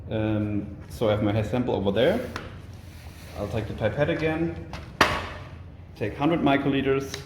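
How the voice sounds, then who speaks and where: Guy doing a lab demo, lots of ums and restarts, average pitch, roomy echoey sound. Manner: halting, many fillers and restarts, step-by-step explaining. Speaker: product demonstrator. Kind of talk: live lab demonstration over a video call. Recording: roomy sound with faint noise.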